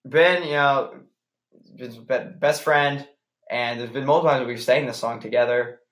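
A man's voice: mid-range voice, moderate pace, a bit bright, a little hiss or hum. Young man in playful chat, echoey room. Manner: playful, laughs often, jokingly acts out lines. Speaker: podcast co-host. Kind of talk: casual chat.

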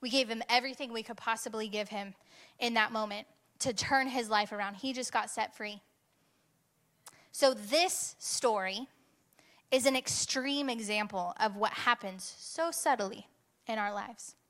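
A young woman preaches slightly slowly, her voice on the higher side. She tells a personal story with animation, climbing into bursts of intensity.

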